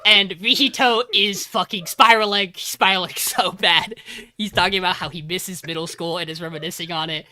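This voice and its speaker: A man co-hosting a podcast, retelling an anime episode in a rambling, animated way with many fillers. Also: high voice, moderate pace. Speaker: podcast co-host. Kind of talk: casual anime recap.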